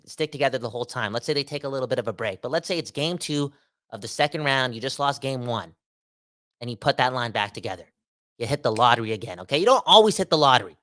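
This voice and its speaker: A Canadian man in a casual solo podcast rant. His pitch sits at a middle height, and he delivers his points with energy, slang and emphatic repeats. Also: a bit bright. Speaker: podcast host.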